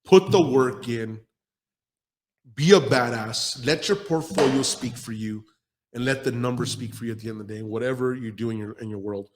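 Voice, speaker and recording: A man's voice: mid-range voice, moderate pace, a little mellow, a little hiss or hum. Blunt, swearing man hosting a podcast. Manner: blunt storyteller who acts out quoted people. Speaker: podcast host. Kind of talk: casual profane podcast talk.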